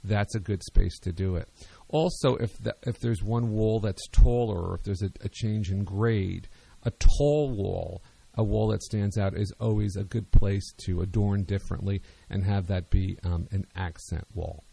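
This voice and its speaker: A man's voice: on the low side, steady tone, moderate pace, creaky, mellow, breathy edge. A man hosting a talk radio show, speaking loosely with many ums and restarts. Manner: rambling, hesitant with many fillers.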